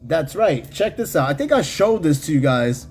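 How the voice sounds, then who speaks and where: This podcast host is a man whose slightly high, darkish voice is very animated and moves at a moderate pace. He goes through comments from his live chat in a relaxed, profane, slang-heavy way, laughing and filling pauses often.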